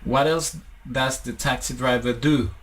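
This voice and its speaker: A man's voice: medium pitch, fairly even intonation, a little slow, fairly bright tone, a little hiss or hum, rough recording. A man, patiently teaching a one-on-one English lesson and switching to to explain.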